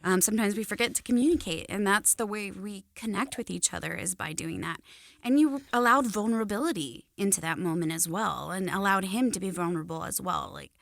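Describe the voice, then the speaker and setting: Woman, podcast co-host, reflective, warm praise, gravelly, dry sound. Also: medium pitch, a little fast, no room sound. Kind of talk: casual interview talk.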